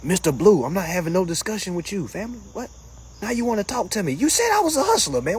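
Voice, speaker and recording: A man hosting a casual livestream, answering comments in an animated, mocking way that swings between loud jokes and low asides. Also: fast talker, slight background noise. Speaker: livestream host reading comments.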